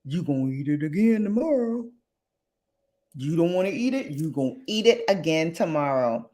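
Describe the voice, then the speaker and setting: A woman's voice: low voice, very animated, moderate pace, warm tone. A woman doing an impression of a strict, scolding mother from a film, with a stern and threatening tone.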